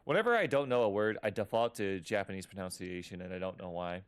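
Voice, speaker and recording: A man's voice: low-pitched, quick pace, clean tone. A man hosting a gaming channel, chatting casually and rambling with frequent fillers while playing. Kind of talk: casual gameplay commentary.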